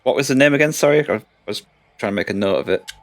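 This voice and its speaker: A man's voice: medium pitch, expressive, fast, no echo. A man playing in a tabletop game, playful and chatty. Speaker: player. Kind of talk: casual tabletop play.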